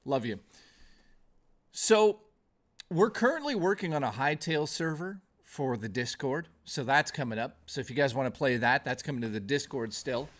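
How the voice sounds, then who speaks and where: A man's voice: mid-range voice, animated, normal speed, a bit bright. A man hosting a live stream in a jokey, rambling way, greeting chat viewers by name.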